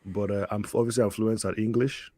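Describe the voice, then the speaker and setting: A man's voice: lowish voice, steady tone, quick pace, dark tone, dry recording. An American man chatting casually on a stream in an easygoing, jokey way. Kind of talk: casual group chat.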